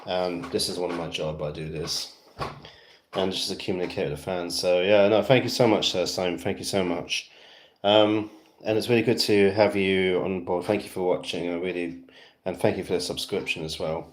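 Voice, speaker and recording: A man's voice: sits low, steady tone, moderate pace, echoey room, noisy background. A man from West London with a British accent, chatting casually to fans on his livestream, rambling with lots of fillers. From West London, England. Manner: rambling and chatty, heavy fillers, self-amused.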